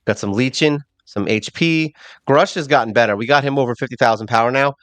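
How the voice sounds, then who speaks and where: A man hosting a mobile game channel, giving casual, rambling gameplay commentary and thinking out loud with a self-mocking streak. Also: medium pitch, fairly quick, dry recording.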